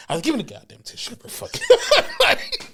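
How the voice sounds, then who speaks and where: A man's voice: very high-pitched, pushed and bright, slight background noise. A man on a podcast telling a wedding story in casual, slangy chat, laughing and acting out quotes. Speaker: podcast co-host.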